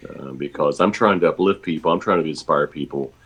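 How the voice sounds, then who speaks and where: A man chatting casually as a regular guest, talking in a halting, self-deprecating way. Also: rumbling low, fairly bright tone, husky. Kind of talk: casual chat.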